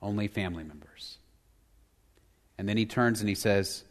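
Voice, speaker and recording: A male pastor preaching a sermon, shifting between emphatic, loud passages and hushed, near-whispered lines. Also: lowish voice, normal speed, long pauses. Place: church sanctuary. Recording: long hall reverb.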